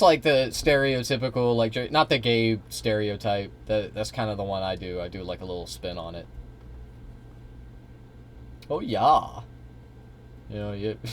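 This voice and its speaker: A man's voice: on the low side, a little hiss or hum. A young man streaming, reacting to a clip in casual, rambling talk full of fillers and swearing. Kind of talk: live stream reaction commentary.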